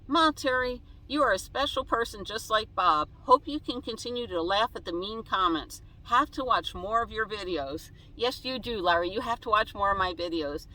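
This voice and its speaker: A woman's voice: mid-range voice, lively intonation, moderate pace, hardly any pauses, pushed and bright, low-quality recording. A woman vlogger chatting casually inside her van, reading viewer comments aloud and answering each one. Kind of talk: casual chat.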